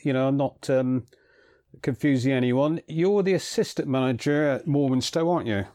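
A man hosting a local football podcast, dry and gently teasing his co-host. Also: medium pitch, normal speed.

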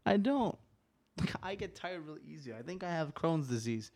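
A man in his twenties talking alone on his podcast, rambling and swearing, restarting sentences, swinging between quiet musing and riled-up ranting. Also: fairly high pitch, animated, moderate pace, slight background noise. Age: 20s. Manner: profane, rambling, restarts often. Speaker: solo podcaster.

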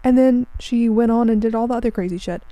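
A young woman hosting her own show, chatting casually and telling lively, animated stories with frequent swearing. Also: a little high, quick pace, no echo, rough recording. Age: young adult. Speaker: podcast host. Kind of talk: casual chat.

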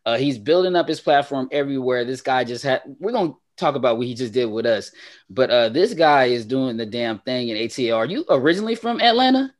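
A man's voice: medium pitch, lively intonation. Laughing, loose young man co-hosting a podcast. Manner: loose and laughing, drawn-out hype. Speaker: podcast co-host. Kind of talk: casual podcast chat.

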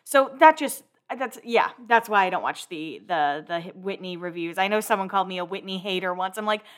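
A woman's voice: mid-range voice, brisk. A woman hosting a casual recap of TV episodes, chatty and full of "like" fillers.

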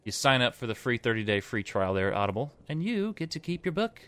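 A man co-hosting a podcast, chatting casually and excitedly, joking and laughing often. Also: mid-range voice, fast talker, smooth, no echo. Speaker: podcast co-host. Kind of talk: casual chat.

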